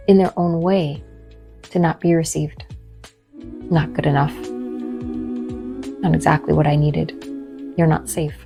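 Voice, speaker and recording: A woman speaks slowly and gravely in a dark, husky voice, leaning on each word with measured pauses. Quiet music plays behind her. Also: on the low side, rough recording. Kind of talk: earnest reflective monologue.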